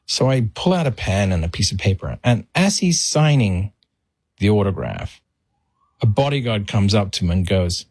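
A middle-aged man telling an animated anecdote on a podcast and acting out the voices in his story. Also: on the low side, normal speed, breathy edge, no echo, clean studio sound.

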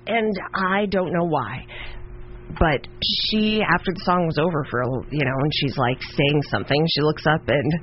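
A woman's voice: low voice, moderate pace, dull audio. A woman co-hosting a podcast in casual chat, telling stories animatedly and laughing easily. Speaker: podcast co-host.

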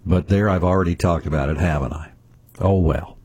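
A man's voice: sits low, a little fast, darkish tone, breathy edge, no echo. A man hosting a morning radio program, chatting in a rambling, folksy way. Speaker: radio host. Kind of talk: casual morning radio chat.

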